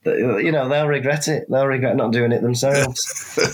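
North welsh man, faint manchester accent, mid pitch, playful guest chat. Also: steady tone, normal speed, slight background noise. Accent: Welsh softened by Manchester. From North Wales. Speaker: podcast guest, panto performer. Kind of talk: casual chat.

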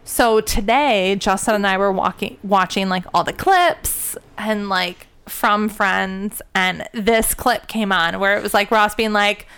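Young woman co-host: bright, smooth voice, animated and profane storyteller. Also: medium pitch, a little slow, hardly any pauses. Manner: animated storyteller, swears freely, mimics sounds. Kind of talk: casual chat.

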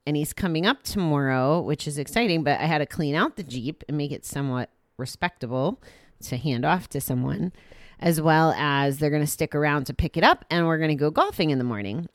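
A woman's voice: low voice, brisk, no room sound, clean studio sound. A tired, chatty woman hosting a live podcast, rambling through apologetic asides to her listeners. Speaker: podcast host. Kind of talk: casual live chat to listeners.

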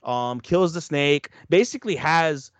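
A man's voice: on the high side, expressive, a little slow, no room sound. A man co-hosting a podcast, recapping a story in a rambling, slangy way with heavy swearing. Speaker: podcast co-host. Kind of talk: casual recap chat.

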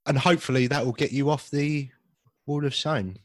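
A man's voice: mid-range voice, steady tone, moderate pace, no room sound, clean studio sound. A man co-hosting a podcast in casual chat, jokey and rambling about films. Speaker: podcast co-host.

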